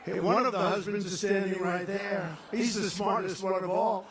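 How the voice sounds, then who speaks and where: A man's voice: high voice, flat delivery, moderate pace. An older man giving a rambling rally speech, boastful and repetitive, with off-the-cuff asides. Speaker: political speaker at a rally. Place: large venue, victory rally. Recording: roomy sound, distant mic, loud crowd. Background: cheering crowd.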